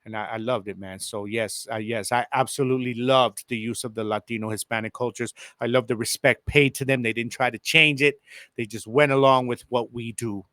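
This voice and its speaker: A man hosting a casual solo podcast with a Chicano English accent, talking to his listeners in a lively, slangy way. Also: medium pitch, a little fast, no echo, clean studio sound. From El Paso, Texas. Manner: animated, slangy, addresses listeners directly. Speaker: podcast host.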